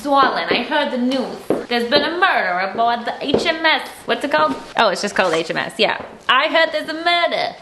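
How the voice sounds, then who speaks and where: A woman's voice: medium pitch, very animated, racing, few pauses, roomy sound, noisy background. Woman putting on a brash journalist accent. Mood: hammy. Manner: playful, over-the-top.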